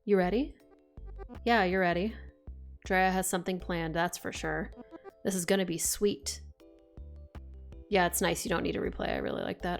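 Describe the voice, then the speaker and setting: A young woman streaming a game live, reading the text aloud and chatting in an expressive, casual way that includes swearing. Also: lowish voice, normal speed, pauses often, soft background music.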